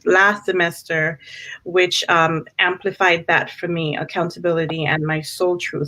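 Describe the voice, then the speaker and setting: A woman speaking earnestly on a panel discussion, measured and faith-inflected, with frequent restarts. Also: on the low side, little pitch movement, bright, forceful tone, low-quality recording. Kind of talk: reflective panel talk.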